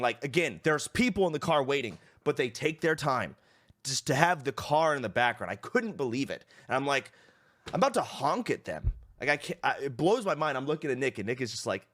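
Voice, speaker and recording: A man's voice: medium pitch, a bit bright. A young man, a streamer, casually telling a story to his stream, swearing and acting out the people he quotes.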